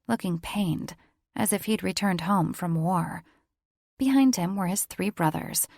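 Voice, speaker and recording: Gravelly woman narrating an audiobook. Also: fairly low pitch, a little mellow, dry recording, clean studio sound. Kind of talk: scripted narration.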